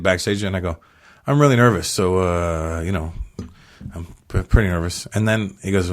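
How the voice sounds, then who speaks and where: A middle-aged comedian from Canada, telling profane stories in a casual chat and acting out what people said. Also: male voice, deep voice. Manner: fast, profane storytelling with acted-out quotes. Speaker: comedian guest.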